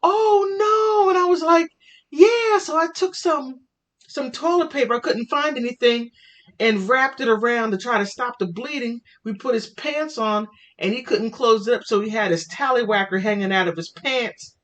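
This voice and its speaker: A woman vlogger telling a funny family story in a chatty, animated way. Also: on the high side, normal speed. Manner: animated, laughing, chatty with fillers. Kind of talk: casual comic storytelling.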